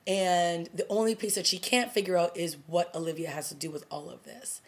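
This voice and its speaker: A woman casually recapping a TV drama episode for her vlog, animated, laughing often and throwing in dramatic asides. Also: on the low side, fairly quick. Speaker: TV review vlogger.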